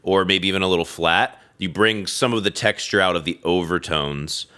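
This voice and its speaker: A man's voice: deep voice, normal speed, clear, resonant tone. A man hosting a music reaction, explaining chords and theory in a casual, enthusiastic, profane way. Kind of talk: casual music analysis over a playing track. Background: loud rock song playing.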